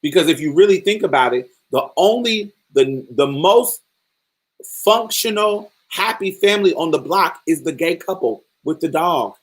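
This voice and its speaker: A woman's voice: low-pitched, animated, moderate pace, breathy edge. A woman podcast host giving casual film commentary, emphatic and profane, acting out the characters' lines as she talks.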